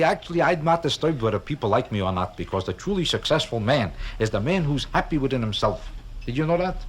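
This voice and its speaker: A man performing a live stand-up routine as a comedian, talking in a wry, kvetching way and firing off rhetorical questions from a stage. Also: mid-range voice. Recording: crackly old vinyl record with clicks.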